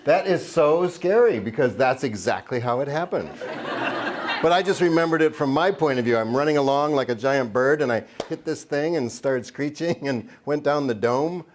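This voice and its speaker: A man's voice: medium pitch, animated, moderate pace, a little hiss or hum. A man presents his books to a lecture-hall audience with a playful, self-mocking humor. He chuckles between lines and keeps a loose, joking tone. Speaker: children's book author giving a talk. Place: lecture hall at a university event.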